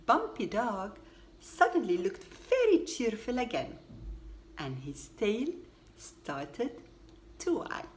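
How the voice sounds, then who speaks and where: A woman reading a children's storybook aloud, lively and expressive. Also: mid-range voice, slow. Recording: echoey room with faint ambient noise.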